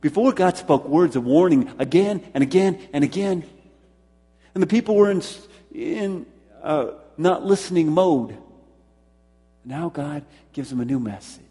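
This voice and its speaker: Pastor guy preaching, kinda husky and mellow, lots of repeating for emphasis, long echo like a big church hall. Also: a little high, animated, measured pace, faint music behind. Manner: preaching with repeated emphasis, asking the congregation questions. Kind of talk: sermon.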